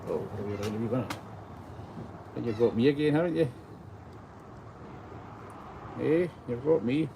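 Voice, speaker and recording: A man's voice: medium pitch, animated, brisk, gravelly, noisy background. Chatty Scottish man in his sixties. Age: 60s. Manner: chatty, rambling, self-deprecating. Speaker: vlogger. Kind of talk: casual walking tour vlog. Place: outdoor heritage museum grounds. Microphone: handheld phone on gimbal.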